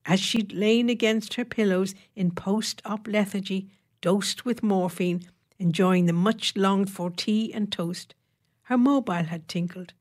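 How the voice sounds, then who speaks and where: A woman reading an audiobook in a measured, wry storytelling manner. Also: medium pitch, a little mellow. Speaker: narrator. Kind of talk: audiobook narration.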